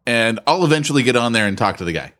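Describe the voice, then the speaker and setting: Animated male podcast host, teasing, mock-aggrieved, laughs a lot. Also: medium pitch, fast talker. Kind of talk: casual banter.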